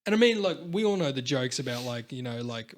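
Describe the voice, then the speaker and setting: A man chatting casually on a podcast, rambling and swearing, now and then acting out loud voices. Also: medium pitch, big pitch swings, fairly quick. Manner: rambling, swears a lot, acts out voices loudly. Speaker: podcast host. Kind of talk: casual chat.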